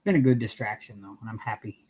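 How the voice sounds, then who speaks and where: This livestream host, chatting casually from home, works on a craft while cheerfully naming and greeting viewers one by one. His voice is fairly low and a little mellow, and he talks quickly.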